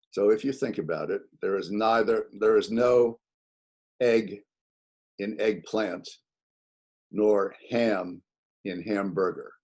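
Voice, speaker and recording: A low-voiced man with a slightly husky tone lectures his college English class over a video call. He explains things step by step, circling back and repeating himself with plenty of "uh"s along the way. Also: darkish tone. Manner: explanatory, repeats points, trails off with fillers.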